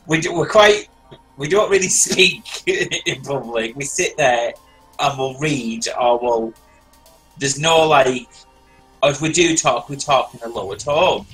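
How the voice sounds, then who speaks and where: A man's voice: mid-range voice, takes it slowly, low-quality recording. Rambling man telling stories. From Britain. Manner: rambling and animated, repeats words while telling a story. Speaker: stream host. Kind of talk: casual storytelling chat. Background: faint background music.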